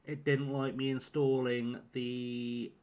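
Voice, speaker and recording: A man's voice: medium pitch, flat delivery, slow pace, darkish tone, dull audio. A man live-streaming a football management game, rambling and flustered as he talks himself through picking his team. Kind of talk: live-streamed gameplay commentary.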